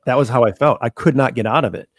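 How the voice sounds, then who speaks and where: A man's voice: mid-range voice, fast talker, no room sound, studio quality. A middle-aged man hosting a podcast, talking candidly and earnestly, often repeating and restarting his words. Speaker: podcast host. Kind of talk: candid personal conversation.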